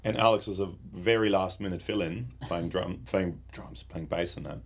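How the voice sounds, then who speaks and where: A man's voice: low-pitched, moderate pace, husky. A man co-hosting a casual chat, rambling and joking as he talks. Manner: rambling, chatty, jokey. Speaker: podcast co-host. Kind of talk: casual chat about guitar pedals.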